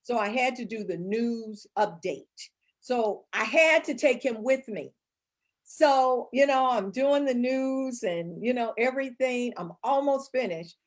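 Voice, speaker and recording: A middle-aged woman from St. Louis, chatting casually as a co-host and telling lively family stories. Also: a little high, a little slow. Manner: animated storyteller, acts out voices of her kids. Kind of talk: casual chat.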